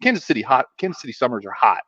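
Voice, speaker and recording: A man in his fifties tells a long, meandering story full of asides and restarts. His voice sits at a middle pitch. The audio is dull and lo-fi, and it sounds dry. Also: sing-song, racing, fairly bright tone, slightly rough, no room sound. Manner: rambling, with many restarts and asides. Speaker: guest, former pro football player. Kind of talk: casual anecdote telling.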